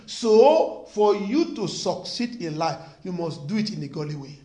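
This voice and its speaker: A pastor delivers a sermon in a strikingly high, animated voice that rises and falls widely. He is emphatic, hammering phrases again and again and throwing questions at the congregation. The sound carries a roomy echo. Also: unhurried, hardly any pauses. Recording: echoey room.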